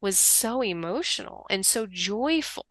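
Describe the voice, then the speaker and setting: Bright-voiced animated woman. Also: mid-range voice, a little slow, no echo. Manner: animated storyteller, lively quoting of others. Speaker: guest. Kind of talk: conversational podcast interview.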